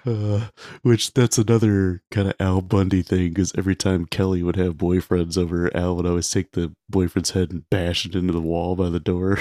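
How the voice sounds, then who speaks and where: A man's voice: sits low, level tone, normal speed, mellow, dry recording, studio quality. A man co-hosting a podcast, casually retelling movie scenes in a rambling way with lots of filler words. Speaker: podcast co-host.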